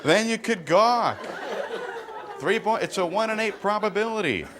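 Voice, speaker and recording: A man's voice: high voice, normal speed, background noise. A middle-aged man performing a stand-up comedy routine, telling stories with punchy asides. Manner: animated storytelling with punchy asides.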